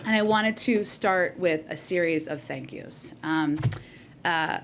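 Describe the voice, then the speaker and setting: Slightly low-voiced woman at a briefing podium. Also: a little hiss or hum. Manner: measured, with frequent filler pauses. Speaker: press secretary. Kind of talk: press briefing answers. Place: press briefing room.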